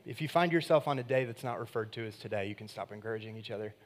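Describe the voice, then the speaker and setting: Animated man preaching a casual sermon. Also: on the low side, racing. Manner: conversational and animated, acting out quoted voices; swings from loud emphatic bursts to quiet, hushed lines. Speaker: pastor.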